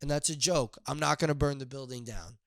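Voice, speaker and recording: A young man hosting a solo podcast, rambling and profane, breaking into high strained shouts of a catchphrase. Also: fairly quick, vocal fry, no room sound, studio quality. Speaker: podcast host. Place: outdoors near his house.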